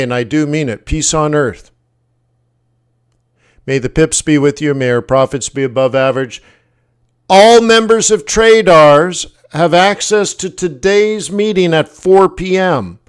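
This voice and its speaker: This stream host teaches forex trading and has a Canadian accent and a fairly high, smooth voice that runs a little slow. He keeps things casual and jokey, wandering off on tangents and fixing his own words as he goes.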